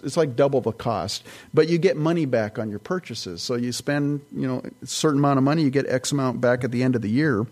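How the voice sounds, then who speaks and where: A man delivers a conversational sermon in a mid-pitched voice. He tells homely anecdotes in a rambling, folksy way, often stopping and restarting his sentences. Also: darkish tone. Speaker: pastor.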